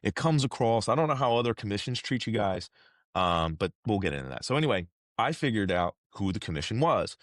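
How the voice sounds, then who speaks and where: A man in his thirties, a combat sports inspector, telling stories in a casual interview with slangy, animated talk and frequent restarts. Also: on the low side, brisk, dry recording, studio quality.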